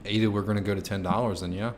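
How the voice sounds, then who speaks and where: A young man in his twenties, streaming casually and answering chat questions, joking and swearing freely, sometimes shouting. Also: lowish voice, steady tone, very fast, noisy background.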